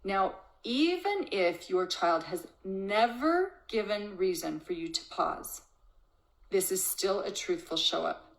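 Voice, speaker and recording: A woman's voice: mid-range voice, lively intonation, takes it slowly. A woman hosting a parenting advice show, reading a listener's letter and commenting on it in an emphatic, coaching way, often starting with "so". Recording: echoey room.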